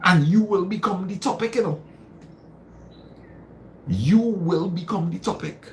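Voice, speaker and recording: A man's voice: sits high, unhurried, a little hiss or hum. A man hosting a live stream, giving casual motivational advice, repeating phrases for emphasis and answering viewer comments. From Trinidad and Tobago.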